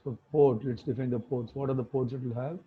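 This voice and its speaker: A man's voice: mid-range voice, steady tone, fairly quick, husky. A man teaching an online class, explaining things step by step and often checking with tag questions. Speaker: instructor. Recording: phone-like muffled call audio.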